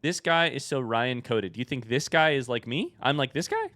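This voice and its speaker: A man's voice: medium pitch, normal speed, pushed and bright, a little hiss or hum. A man in his thirties giving casual, chatty commentary while playing a video game, telling stories and poking fun at himself. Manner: chatty, self-mocking, storytelling between fights. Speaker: streamer.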